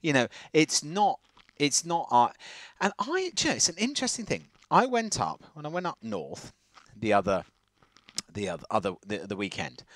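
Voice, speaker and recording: Plummy english guy on a podcast, rambling and laughing a lot, pitch jumps all over, dry close sound. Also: no echo. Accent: slightly plummy southern English. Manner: animated, rambling, laughs often. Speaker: podcast co-host. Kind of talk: casual chat.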